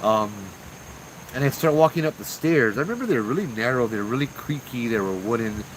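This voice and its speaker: Man, casual ghost story, slangy and animated, average pitch, faint crickets behind. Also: a little fast, noisy background. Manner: animated and slangy, acting out what people said.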